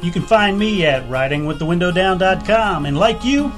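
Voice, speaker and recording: A man giving a short podcast promo in a loud announcer style. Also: sits high, expressive, normal speed, soft background music, voice pushed up. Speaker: guest promo voice. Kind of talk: station ID promo.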